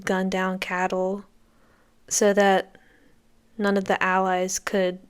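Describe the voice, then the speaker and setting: A woman's voice: mid-range voice, completely flat delivery, takes it slowly, clear, resonant tone. A woman hosting a podcast, giving enthusiastic, conversational commentary as she reacts to a film. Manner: enthusiastic, conversational, reacting to scenes as they play. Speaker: podcast host.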